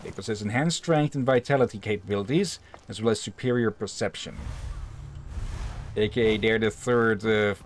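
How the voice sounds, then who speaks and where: A man's voice: fairly low pitch, moderate pace, a little hiss or hum. Rambling, swearing man streaming a game. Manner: rambling, swears casually, many fillers. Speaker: streamer playing a game with friends. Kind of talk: casual gaming chat, reading game text aloud.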